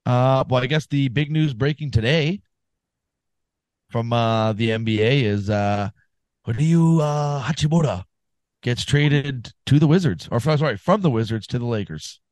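A man's voice: medium pitch, animated, a little slow, darkish tone, no room sound. A man co-hosting a sports podcast, recapping basketball news in joking, teasing banter. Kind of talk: casual sports chat.

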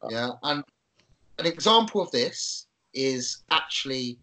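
A man's voice: medium pitch, lively intonation, takes it slowly, bright, forceful tone, poor audio. A man who coaches bodybuilding, talking earnestly in a casual podcast chat and working himself up into rants.

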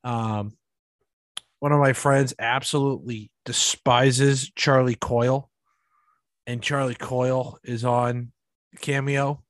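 A man's voice: medium pitch, steady tone, takes it slowly, no echo. Rambling podcast co-host man. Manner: rambling, filler-heavy. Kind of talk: casual chat.

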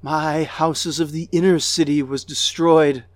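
A man voicing a grieving goddess queen who mourns her ruined city in a high, keening lament. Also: flat delivery, unhurried, no room sound, natural voice.

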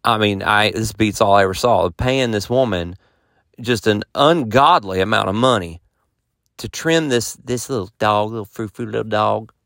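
A man's voice: on the low side, normal speed, creaky, fairly bright tone, dry recording, clean studio sound. A man hosting a podcast, telling a rambling, self-mocking story in a folksy, casual way. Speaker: podcast host and touring musician.

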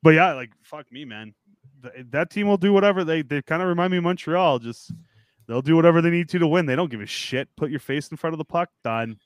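A man's voice: on the high side, quick pace, smooth, no echo, clean studio sound. A man co-hosting a casual sports podcast, laid-back and swearing freely. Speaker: podcast co-host.

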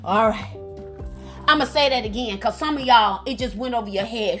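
A woman's voice: on the high side, fairly quick, soft background music. A woman minister preaching fervently on a prayer line, exclaiming often and repeating phrases for emphasis. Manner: calls on listeners by name for responses. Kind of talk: preaching sermon.

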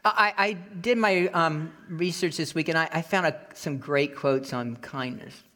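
Man preaching a lively story sermon. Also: fairly high pitch, a little slow. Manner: animated storytelling, acts out quoted voices. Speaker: pastor. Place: Florida.

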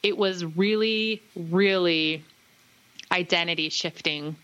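A woman's voice: lowish voice, slow, a bit bright, highs cut off. A young woman telling an earnest faith story in casual conversation, acting out bits of dialogue. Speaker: guest. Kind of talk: faith testimony in casual chat.

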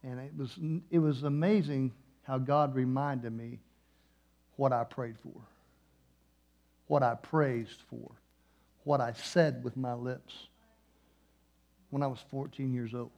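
A man preaching a sermon in a church, moving between hushed, slow passages and loud, passionate peaks. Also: medium pitch, steady tone, creaky. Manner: impassioned, swings from hushed to loud. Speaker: guest preacher.

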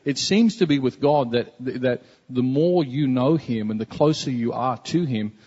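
A man's voice: mid-range voice, unhurried, mellow, slightly rough. A man preaching a sermon as a pastor, earnest and conversational, often repeating himself. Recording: dull, reverberant hall recording.

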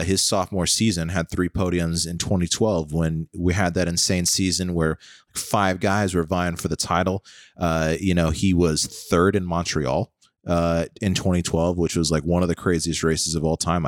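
A man's voice: low-pitched, no echo, studio quality. An American man in his thirties co-hosting a podcast, joking and rambling with lots of fillers. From United States. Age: 30s. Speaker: podcast co-host. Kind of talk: casual chat.

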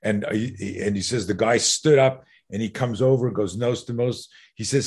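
A self-defense instructor telling an animated story in casual conversation, swearing freely. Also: male voice, on the low side, normal speed, husky.

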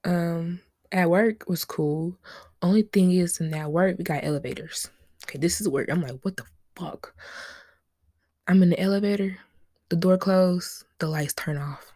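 A woman's voice: lowish voice, normal speed, mellow, dry recording, studio quality. A young woman hosting a solo podcast, chatting casually with lots of slang, rambling asides and frequent laughs. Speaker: podcast host.

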